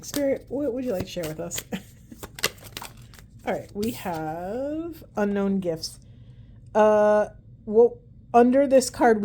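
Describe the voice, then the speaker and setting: A woman's voice: on the high side, mellow, slight background noise. A woman giving a casual, meandering tarot-style card reading at home, talking aloud to spirit as she goes. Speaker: tarot reader.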